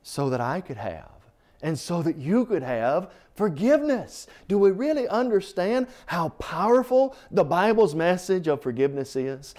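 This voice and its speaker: Tv preacher guy, voice rises and falls a lot, kinda high, fired up reading scripture. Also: a little mellow. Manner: impassioned, swelling emphasis on scripture; addresses listener as friend. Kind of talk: televised sermon.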